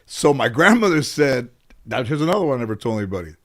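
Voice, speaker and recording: Animated man telling stories from his childhood. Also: medium pitch, quick pace. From Los Angeles area. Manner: animated storyteller, acts out voices of relatives, swears freely. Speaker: interview guest, comedian. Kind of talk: casual storytelling interview.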